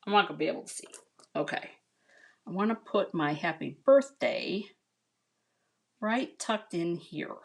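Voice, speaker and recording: Chatty woman teaching card making, unhurried. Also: lowish voice, gravelly. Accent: American. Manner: chatty, talks to viewers as you guys and honey. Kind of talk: casual craft tutorial.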